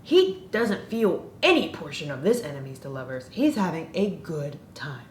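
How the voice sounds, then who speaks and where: A woman's voice: deep voice, sing-song, normal speed. A woman casually ranting in a book review, sarcastic and exasperated. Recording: roomy echo with faint noise.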